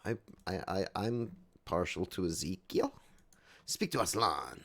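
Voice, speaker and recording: A man's voice: sits low, big pitch swings, a little slow, creaky, fairly bright tone. A man playing a game live, joking and rambling as he reads the on-screen text aloud. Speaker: game streamer.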